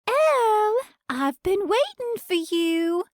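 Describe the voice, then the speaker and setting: A woman voicing a shrill, sing-song, obsessive young woman with a Cockney accent in an audiobook. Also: big pitch swings, takes it slowly, no room sound, studio quality, exaggerated voice.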